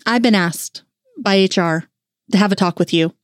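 Woman reading as a gruff stern male supervisor. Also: mid-range voice, normal speed, no echo, clean studio sound, lightly acted. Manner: growling, curt.

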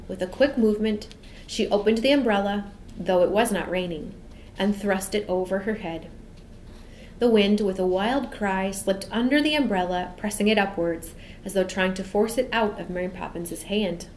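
A woman narrating a children's storybook aloud in a measured, expressive reading voice. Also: mid-range voice, slight background noise, rough recording. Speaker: audiobook narrator.

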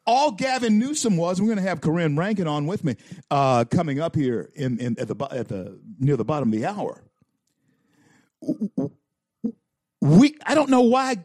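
A man's voice: high voice, darkish tone, no room sound, studio quality. A man hosting a talk show, giving opinionated political commentary with emphatic repetition and stammered restarts. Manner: emphatic, repeats lines for effect.

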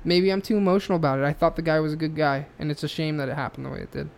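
A man's voice: a little high, very fast, gravelly, clear, resonant tone. A man co-hosting a casual podcast, swearing freely and telling a story with rising feeling. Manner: profane, animated storytelling. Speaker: podcast co-host.

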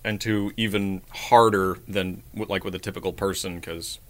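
A man co-hosting a casual comedic podcast, reacting excitably, rambling and poking fun at himself. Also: deep voice, normal speed. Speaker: podcast co-host.

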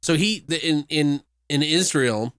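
A man's voice: a little high, a little slow, a bit bright, clear, resonant tone, no room sound, clean studio sound. A man co-hosting a podcast, chatting loosely about a film and retelling its scenes with casual swearing. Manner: loose, profane storyteller acting out scenes. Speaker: podcast co-host. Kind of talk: casual movie review chat.

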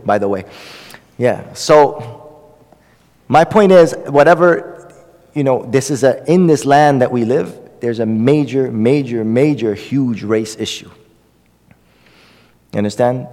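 A man teaches a religious text to an audience in a sermon-style lecture, conversational yet emphatic, with repeated words and questions. His medium-pitched voice is a little mellow, and the room sounds large.

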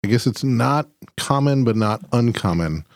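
A man's voice: mid-range voice, expressive, moderate pace, dry recording, clean studio sound. A man on a casual podcast, telling anecdotes with many fillers and some swearing. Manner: loose, filler-heavy talk, swears in anecdotes. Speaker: podcast co-host. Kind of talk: casual chat.

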